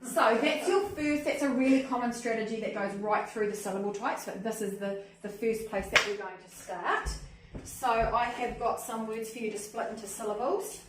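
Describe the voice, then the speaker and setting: A woman's voice: on the high side, fairly even intonation, moderate pace. A woman leading a hands-on teaching workshop as a literacy trainer, upbeat and often checking in with "okay?" and "cool?". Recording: echoey room, mic at a distance, faint noise.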